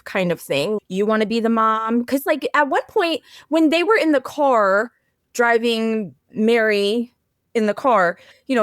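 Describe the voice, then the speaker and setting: A woman's voice: a little high, expressive, unhurried, no room sound, clean studio sound. A woman co-hosting a film review podcast, chatting casually, agreeing often and playfully voicing characters. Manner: frequent short agreements, playful quoting of characters. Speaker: podcast co-host. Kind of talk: casual chat.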